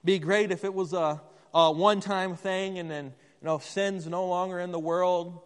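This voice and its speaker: Conversational male preacher with a high voice, recorded with long hall reverb in a church. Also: steady tone, moderate pace, clear, resonant tone. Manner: conversational, asks the congregation questions. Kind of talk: sermon.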